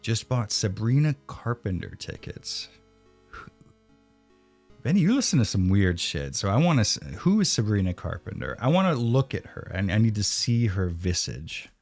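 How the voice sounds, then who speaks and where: A man's voice: lowish voice, very animated, a little fast, hardly any pauses, a little mellow, soft background music. A man streaming a retro video game live, chatting casually with profane, sarcastic banter. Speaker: streamer playing a retro game and reading chat.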